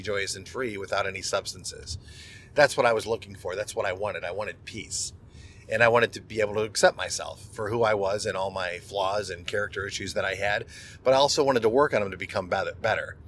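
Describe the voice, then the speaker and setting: A man's voice: on the low side, a bit bright, slight background noise. A middle-aged man, a podcast host, telling a personal story in a candid, conversational monologue and often restarting words.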